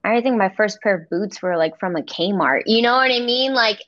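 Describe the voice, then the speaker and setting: A woman's voice: medium pitch, lively intonation, normal speed, a bit bright, no room sound. Heartfelt woman on a dull remote line. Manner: heartfelt, with many fillers. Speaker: guest. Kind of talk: interview.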